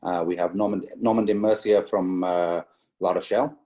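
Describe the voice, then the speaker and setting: A man's voice: sits low, steady tone, moderate pace, warm tone. A man being interviewed as a spirits importer, talking casually with many fillers and restarts as he tells stories.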